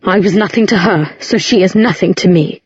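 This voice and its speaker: A woman's voice: lowish voice, a little fast, husky, no echo. A woman voicing a fierce, defensive young man in an audiobook, clipped and intense. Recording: dull, muffled recording.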